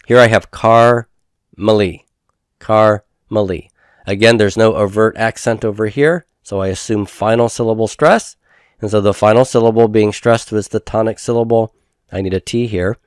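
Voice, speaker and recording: A man lecturing on Hebrew grammar in a methodical way, repeating terms slowly with frequent fillers. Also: fairly low pitch, steady tone, darkish tone, no echo, studio quality. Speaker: Hebrew instructor. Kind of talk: recorded classroom lecture.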